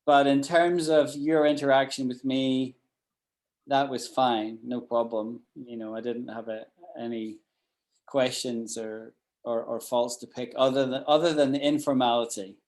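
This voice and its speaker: A man's voice: medium pitch, steady tone, unhurried, a little mellow. A man teaching an online English class, explaining usage with frequent restarts and repeated words over a video call. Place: at home in Ireland.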